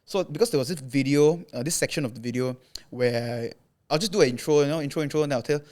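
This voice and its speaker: Young man, from Malaysia, quick talker, slightly high voice, animated casual storytelling, lots of "like" fillers. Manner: animated, filler-heavy retelling with acted quotes. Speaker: podcast guest, content creator.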